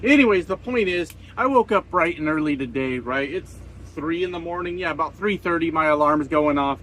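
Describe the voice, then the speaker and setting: A man in his forties grumbles and swears to his camera from a truck cab, sarcastic and fed up. His voice sits a little high for a man. A faint hum of vehicle noise runs underneath. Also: animated, fairly quick, fairly bright tone, rough recording. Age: 40s. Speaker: trucker vlogger. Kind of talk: casual vlog rant. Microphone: camera set up in front of him.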